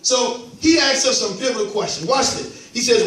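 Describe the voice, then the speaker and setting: A male pastor preaching an animated sermon, repeating catchphrases to his congregation. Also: sits high, normal speed. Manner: animated call-and-response preaching, repeats "watch this". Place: church sanctuary. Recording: echoey church hall from far off.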